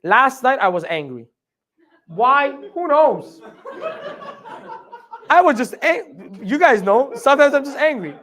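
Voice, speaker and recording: Animated male motivational speaker. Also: very high voice, moderate pace. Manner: animated, asks the audience questions, acts out his inner dialogue. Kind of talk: live training talk to an audience.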